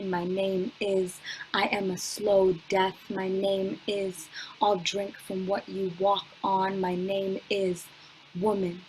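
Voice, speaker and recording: A young adult woman reading her own spoken word poetry at a measured pace with long pauses, chatting with fillers between poems, over a computer mic from home. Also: mid-range voice, slight background noise, rough recording. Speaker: poet. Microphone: computer mic on a video call.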